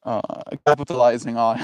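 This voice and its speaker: A man's voice: medium pitch, slight background noise. A man hosting a livestream who chats casually with viewers, rambling and reflective and laughing often. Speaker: livestream host.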